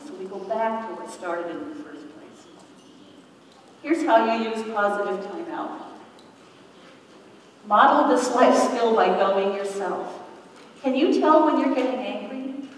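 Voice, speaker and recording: A middle-aged woman leads a parenting workshop in a calm, explaining way. She stands well back from the microphone, and her voice rings through a large, very echoey hall. A faint hum of room noise sits underneath. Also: fairly high pitch. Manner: calm, explanatory, acts out example phrases. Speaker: parenting educator. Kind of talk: workshop talk. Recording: echoey hall, distant mic.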